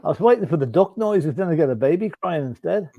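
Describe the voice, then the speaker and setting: Slightly high-voiced man calling scores. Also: fast talker, no room sound, muffled recording. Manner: chuckly, relaxed score updates. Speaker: co-host giving live scores. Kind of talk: casual live sports chat stream.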